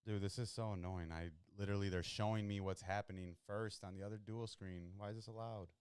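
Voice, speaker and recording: A man talks through a football game live, jumping between nervous worry and hype. His voice sits low and comes across smooth. The mic sounds dry, with no room behind it. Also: fairly quick, no room sound. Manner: excitable, chatty, jumps between worry and hype. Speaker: host of a live sports watch stream. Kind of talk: casual live reactions while watching football.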